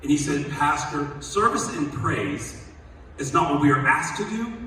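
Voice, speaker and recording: A male pastor telling a story in a sermon, then building to loud, emphatic preaching. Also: fairly high pitch, animated, unhurried, slight background noise. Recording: echoey hall, voice from a distance.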